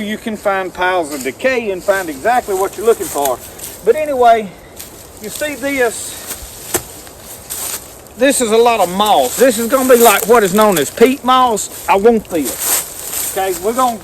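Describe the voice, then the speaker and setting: A man's voice: high voice, animated, normal speed, a little hiss or hum. A man, rambling folksy as he talks to the viewer through a camera mic outdoors in the woods. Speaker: outdoor vlogger. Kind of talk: casual outdoor demonstration. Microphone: handheld camera mic.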